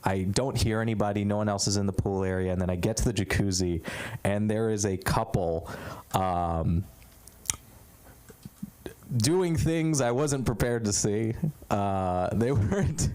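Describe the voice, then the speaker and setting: A man at an open mic telling a stand-up story, unhurried, with frequent ums and pauses. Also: lowish voice, darkish tone, clean tone. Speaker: stand-up comic.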